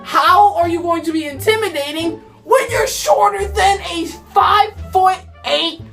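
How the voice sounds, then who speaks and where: A woman casually telling a funny story from her youth, animated and jokey, breaking into shouts. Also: very high voice, measured pace, creaky, recorded from a distance, soft background music.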